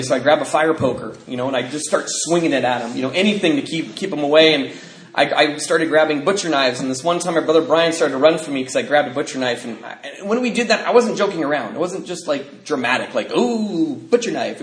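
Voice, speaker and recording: A middle-aged man speaking at a recovery convention, telling his own story in an animated way and acting out family members. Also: on the high side. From United States. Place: convention hall. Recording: echoey convention hall.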